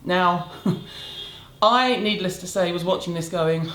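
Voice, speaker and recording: Slow and lowish but fairly bright in tone, this middle-aged beauty vlogger with a British accent gives a blunt, sarcastic rant straight to camera. The casual video is shot in a home room in a city, with an echoey, roomy sound.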